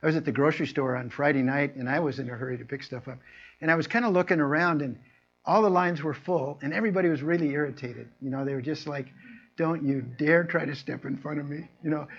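A man preaching a conversational sermon, telling everyday stories and acting out people's lines in a raised, animated voice. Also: fairly high pitch, quick pace. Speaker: pastor. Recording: muffled lo-fi recording.

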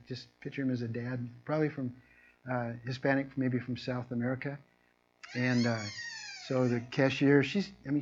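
Man preaching casually, mid-range voice, slips into animated voices for people in his stories; slightly muffled recording. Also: mid-range voice. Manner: storytelling, acts out people's lines in a raised, animated voice. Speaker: pastor. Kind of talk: conversational sermon.

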